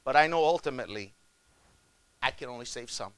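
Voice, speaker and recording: A male pastor preaching a sermon, addressing the congregation as folks and swinging from shouts to hushed pleas. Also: mid-range voice, expressive, fairly quick, pauses often, no room sound.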